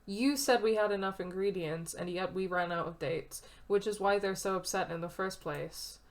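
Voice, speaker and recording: A woman's voice: medium pitch, moderate pace, lightly acted. A woman voicing a defensive young woman who works a food truck, read aloud in a plain voice.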